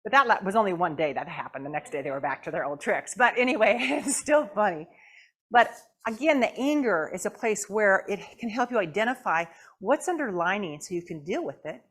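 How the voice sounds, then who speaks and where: A woman guest speaker giving a conversational sermon, expressive and acting out her inner thoughts. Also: mid-range voice, fairly quick, breathy edge. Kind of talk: sermon with puppetry.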